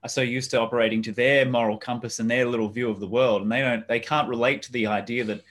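A man's voice: mid-range voice, fairly even intonation, fast talker, a bit bright. A man hosting a casual podcast conversation, earnest and agreeable, with frequent ums and restarts. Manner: earnest, agreeable, hesitant fillers.

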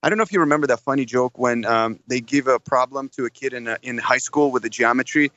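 A man's voice: mid-range voice, quick pace, sharp tone, no room sound, muffled recording. A man in his thirties from Russia with a Russian accent, a podcast guest talking eagerly and rambling with many restarts, calling in from an airport. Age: 30s. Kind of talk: casual interview. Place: airport, background noise.

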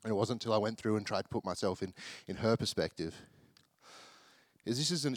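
A man's voice: on the low side, brisk, dry recording, studio quality. A young man giving a casual, joking sermon, acting out the people in a Bible story as he reads. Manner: chatty, self-deprecating, acts out the people in the story.

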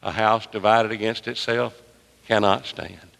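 Emphatic preacher in a reverberant sanctuary. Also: male voice, steady tone, a little slow, vocal fry, fairly bright tone. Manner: emphatic preaching with wide swings in pitch and volume. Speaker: pastor. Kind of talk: sermon. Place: church sanctuary. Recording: long reverb of a church sanctuary.

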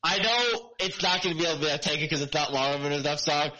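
A man talking in a relaxed podcast chat as a guest, excitable and restarting his sentences often. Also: a little high, fast, over a noisy crowd, low-quality recording.

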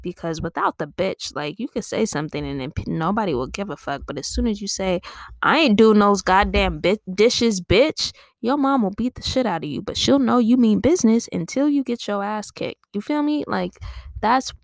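A woman hosting a comedy podcast, rambling and swearing freely as she riffs. Her mid-pitched voice has a gravelly edge, and the sound is close and dry with no room echo. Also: expressive, fairly quick, darkish tone. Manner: profane, rambling, playful. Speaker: podcast host. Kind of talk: casual comedic riffing.

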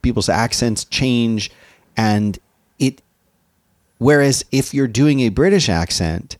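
A man's voice: mid-range voice, expressive, slow pace, no room sound, clean studio sound. A man co-hosting a podcast in casual chat, thinking aloud with hesitant restarts. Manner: thoughtful, hesitant, many restarts. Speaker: podcast co-host.

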